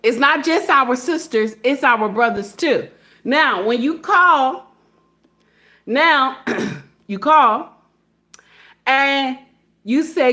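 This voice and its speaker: High-voiced blunt woman ranting. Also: takes it slowly. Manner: blunt, animated, acts out phone calls in different voices; repeats points with "okay?" tags. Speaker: social media commentator. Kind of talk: casual monologue to camera.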